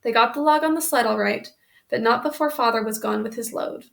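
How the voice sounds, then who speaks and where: A woman reading a children's chapter book aloud with a gravelly texture in her voice. Her pitch sits somewhat high. Now and then she breaks off to explain the story plainly. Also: a little fast, a bit bright. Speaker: reader.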